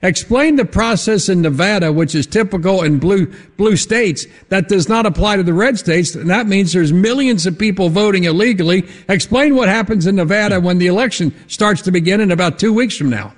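A man with a fairly high voice hosts a political talk radio interview. He speaks haltingly with fillers and restarts, then presses his guest with leading questions. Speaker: radio talk show host.

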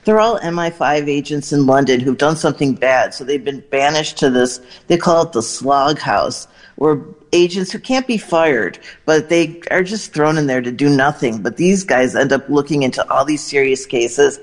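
A woman reporting entertainment news, telling lively, animated anecdotes and quoting people along the way. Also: low-pitched, normal speed, few pauses. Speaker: entertainment correspondent. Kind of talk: news segment storytelling.

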